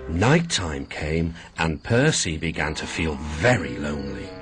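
A British man narrating a children's story in a very animated, expressive way over background music. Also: extremely low pitch, measured pace.

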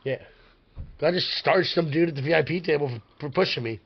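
A man's voice: on the high side, brisk, breathy edge, dull audio. Profane, rambling man telling a story. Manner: profane, animated, rambling with many "like" fillers. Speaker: podcast guest, pro wrestler. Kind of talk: casual storytelling.

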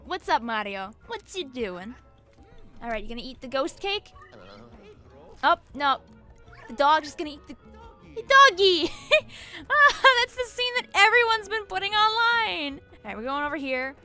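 A young woman streaming a video game, chatting excitably, giggling and shrieking at the screen. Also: high voice. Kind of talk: gameplay commentary.

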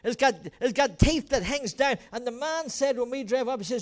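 A man preaching a sermon as pastor, fervent, swinging from shouted calls to quiet earnest talk. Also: very high voice, fairly quick, few pauses. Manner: storytelling with acted quotes and laughter.

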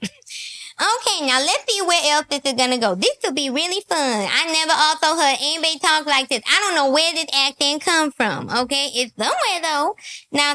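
A woman's voice: sits high, pushed and bright. A woman giving sassy, mocking comedy commentary, laughing often at her own jokes.

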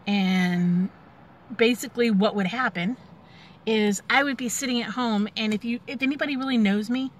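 Woman, 40s, vlogger; candid rambling storyteller, fairly high voice, faint background noise. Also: normal speed. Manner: candid and rambling, with many fillers and restarts. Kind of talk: personal storytelling vlog.

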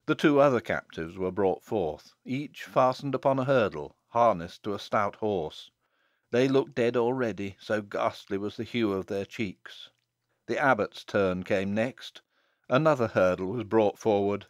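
A man narrating a classic novel audiobook in a measured, dramatic storytelling manner, close to the mic. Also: medium pitch, no echo. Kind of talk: scripted narration.

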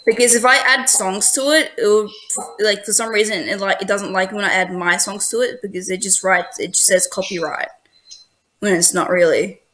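A woman's voice: medium pitch, steady tone, normal speed, a bit bright. A woman hosting a casual gameplay video, playful and teasing, often breaking into giggles. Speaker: gaming channel host.

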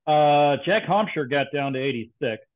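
A man's voice: a little high, expressive, moderate pace. Man on a tinny phone-like line. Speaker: former SEAL guest. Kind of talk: casual storytelling chat.

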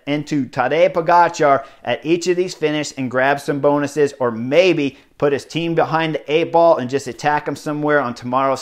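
A middle-aged man giving casual, excited analysis of a bike race, stressing points with emphatic repetition. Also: fairly high pitch. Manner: excited, emphatic, piles up rider titles.

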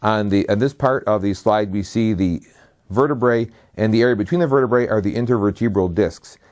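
A man with a somewhat low voice gives a slide lecture, moving through the material step by step. He lists terms one after another and drops in short, dry asides along the way. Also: a little fast, darkish tone. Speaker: medical lecturer.

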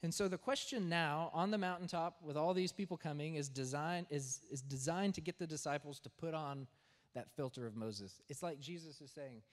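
A man's voice: a little high, moderate pace. A man preaching a sermon as pastor, talking in a conversational way and often checking in with "right?". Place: church sanctuary. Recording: long church reverb.

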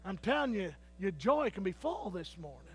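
A man preaching a Baptist sermon from the pulpit with a strikingly high voice. He tells his stories by acting out the people in them and bursts into shouted, jubilant praise. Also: big pitch swings, moderate pace, breathy edge, faint music behind. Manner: acts out the characters in his stories. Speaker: pastor. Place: church sanctuary.

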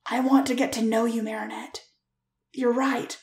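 A woman voicing an earnest, tender young man who pleads and coaxes with emphatic warmth. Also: a little high, little pitch movement, normal speed, gravelly, reverberant. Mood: playful.

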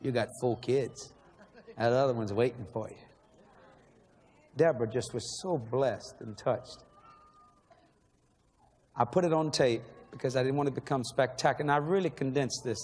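A man's voice: mid-range voice, moderate pace, long pauses, darkish tone, slightly rough. A man preaching a sermon in a large church, emotional and pleading, asking the same questions again and again. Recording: long echo of a large hall.

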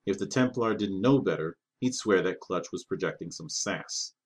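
A man with a fairly low voice narrating a novel dramatically. His reading is measured and steady, carrying the story along. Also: husky. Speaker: streamer reading aloud.

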